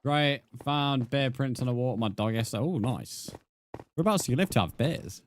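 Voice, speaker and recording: A man's voice: mid-range voice, moderate pace, slight background noise. A young British man live-streaming a game, chatting casually and answering his viewers' messages. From Britain. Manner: relaxed, reads chat aloud and answers viewers, says "mate". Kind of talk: casual live-stream chat while gaming.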